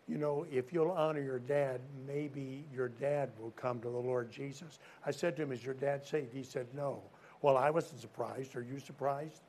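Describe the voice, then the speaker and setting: Preacher man telling a story. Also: mid-range voice. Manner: storytelling, asks the crowd questions; swings from loud emphasis to quiet. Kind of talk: sermon to young people.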